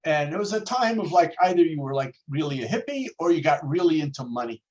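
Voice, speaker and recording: A man's voice: on the high side, fast talker. An older American man teaching a Torah class over a video call, telling stories and acting out the people in them. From United States. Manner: storytelling, lively, acts out quoted voices. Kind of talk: online class lecture.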